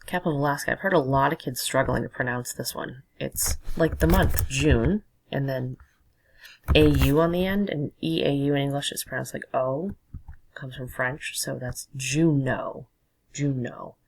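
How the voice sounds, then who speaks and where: A woman with a very low, gravelly voice walks students through a recorded lesson. She explains patiently, step by step, while drawing and labeling. Faint keyboard clicks sound behind her. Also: normal speed, a little hiss or hum, poor audio. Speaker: teacher.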